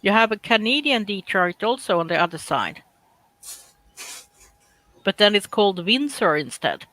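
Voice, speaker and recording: A man's voice: high voice, very animated, moderate pace, sharp tone, dry recording. A man from Sweden with a Swedish accent, chatting casually in slightly broken English and musing aloud. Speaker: chat participant. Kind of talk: casual voice chat.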